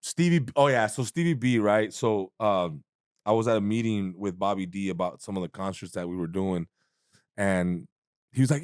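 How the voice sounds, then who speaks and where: Young comedian guy rambling through stories, swears a lot, relaxed, dry close sound. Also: on the low side, fairly quick, no echo. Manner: laid-back, profane, lots of fillers. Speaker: comedian guest. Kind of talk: casual storytelling chat.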